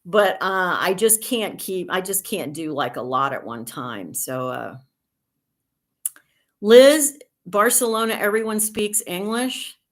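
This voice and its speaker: A woman's voice: mid-range voice, big pitch swings, takes it slowly. A woman in her sixties from the United States hosting a casual livestream, chatting in a rambling way with dry humor and answering viewer comments. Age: 60s. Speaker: livestream host.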